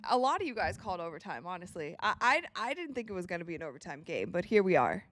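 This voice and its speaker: A young woman hosting a live basketball watch party, calling plays excitedly and talking to her viewers. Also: fairly low pitch, fast talker, dry recording, clean studio sound. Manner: excitable, reacts loudly to plays, talks to viewers as you guys. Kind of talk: live game commentary to chat.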